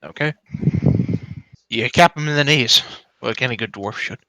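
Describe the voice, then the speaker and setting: Guy running a d&d game, laid back, bright voice, dry close sound. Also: medium pitch, normal speed, no echo, low-quality recording. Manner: casual, loose narration with fillers. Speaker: game master. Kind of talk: narrating a tabletop game.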